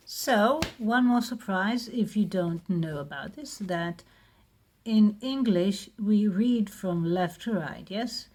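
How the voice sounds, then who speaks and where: Israeli lady teacher, talks real slow, repeats words over and over. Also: medium pitch, animated, darkish tone. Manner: patient, repeats words slowly. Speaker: Hebrew teacher. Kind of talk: slow spoken lesson.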